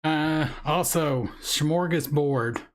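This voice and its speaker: A man with a hoarse voice and a frog in his throat, hosting a live stream in a loose, rambling, chatty way. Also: on the high side, drawn-out words. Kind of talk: casual live-stream chat.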